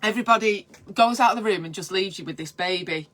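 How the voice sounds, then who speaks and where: Bright-voiced chatty midwife. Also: female voice, medium pitch, fast. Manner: chatty and encouraging, addressing viewers directly. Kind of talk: casual live-stream advice.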